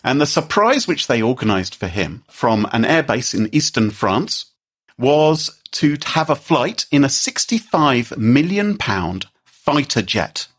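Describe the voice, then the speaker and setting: A man's voice: mid-range voice, sing-song, unhurried, fairly bright tone, breathy edge. A man co-hosting a podcast, telling a story in a chatty way and laughing often. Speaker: podcast co-host. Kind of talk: casual chat.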